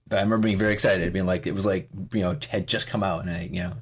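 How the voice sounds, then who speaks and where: A man's voice: sits low, steady tone, very fast, breathy edge. A man in his forties, a podcast guest, chatting casually and rambling with lots of fillers and restarts. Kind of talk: casual interview chat.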